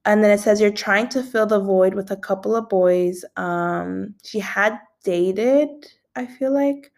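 Young woman rambling about celeb gossip, lots of likes and ums, mid pitch. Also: measured pace, a little mellow. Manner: rambling, filler-heavy, yawns now and then. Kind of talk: casual chat.

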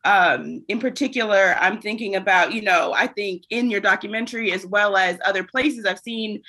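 A woman interviewer with a bright, clear voice and a medium pitch. She asks long, thoughtful questions and searches for her words along the way. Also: moderate pace. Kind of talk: casual interview conversation.

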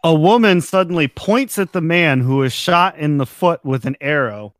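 A man's voice: a little high, lively intonation, normal speed, no room sound. A man narrating as game master of a tabletop role-playing game, laughing between descriptions.

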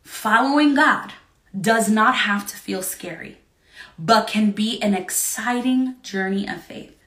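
A woman's voice: medium pitch, slow, a bit bright, roomy sound. A young woman giving an earnest, encouraging devotional talk to an online audience, laughing often between points. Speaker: preacher.

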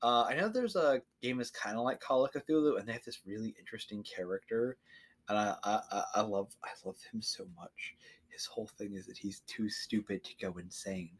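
A man co-hosting a podcast, chatting casually in halting speech full of fillers. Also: lowish voice, breathy edge. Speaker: podcast co-host. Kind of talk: casual chat.

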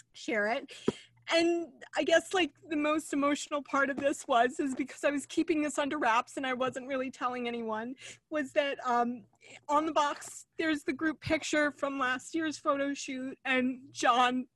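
Chatty emotional woman hosting a live stream, high voice, dry sound. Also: a bit bright, no echo. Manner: emotional, chatty, many fillers. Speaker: livestream host. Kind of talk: casual livestream chat.

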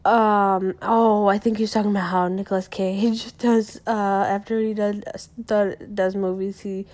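A woman's voice: mid-range voice, little pitch movement, measured pace, a little mellow. A young adult woman casually recapping a podcast episode, rambling with lots of fillers and self-corrections. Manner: rambling, heavy use of "like" and "um", frequent self-corrections.

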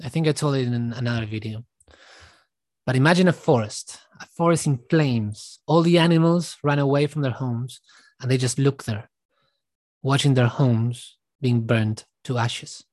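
A man giving reflective commentary to his viewers, talking earnestly and haltingly with frequent restarts. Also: mid-range voice, darkish tone, no echo. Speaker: vlogger.

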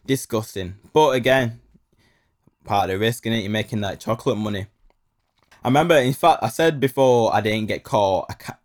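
Slangy man telling stories. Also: fairly low pitch. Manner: animated, slangy, repeats phrases for effect. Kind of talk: casual storytelling monologue.

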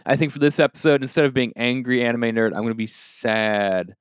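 Smooth-voiced man recapping an anime. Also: medium pitch, brisk, no room sound, clean studio sound. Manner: joking, rambling recap with fillers. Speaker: podcast co-host. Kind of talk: casual podcast chat recapping an anime episode.

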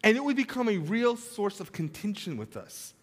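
A man preaching a sermon as pastor, telling a funny home story, then turning soft and earnest. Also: high voice, normal speed, big-room sound. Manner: storytelling with humor, swings from animated to soft and earnest. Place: church sanctuary.

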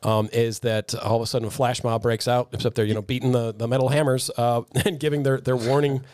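A man's voice: medium pitch, flat delivery, a little fast, darkish tone, no room sound, clean studio sound. A man co-hosting a podcast, recapping scenes in a rambling, casual way and laughing often. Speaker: podcast co-host. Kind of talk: casual chat.

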